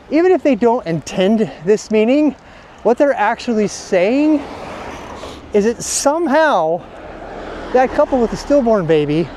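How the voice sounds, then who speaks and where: A man's voice: sits high, noisy background. A man vlogging while cycling outdoors, ranting bluntly and profanely in a casual monologue.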